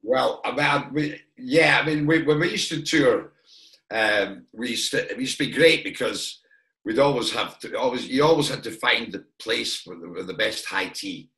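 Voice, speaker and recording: A man's voice: mid-range voice, normal speed, bright, forceful tone. A Scottish man from Perth, a guest actor, reminiscing in a casual chat and rambling with fillers and restarts. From Perth, Scotland. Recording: echoey room.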